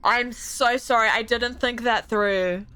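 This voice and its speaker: A young woman streaming a game, chatty and excitable, swearing freely. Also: on the high side, slow pace, smooth, faint music behind. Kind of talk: casual gameplay commentary.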